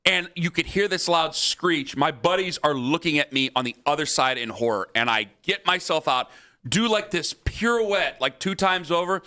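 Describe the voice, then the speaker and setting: Bright-voiced man telling a lively story. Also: fairly high pitch, moderate pace. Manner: animated storyteller, acts out other people's lines. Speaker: radio sports talk host. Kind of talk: storytelling on sports talk radio.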